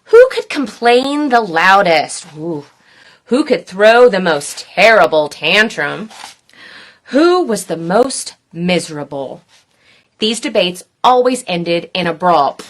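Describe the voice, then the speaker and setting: A woman reading a children's picture book aloud in a playful, expressive way. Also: lowish voice. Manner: playful, expressive, slow and deliberate. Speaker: storyteller.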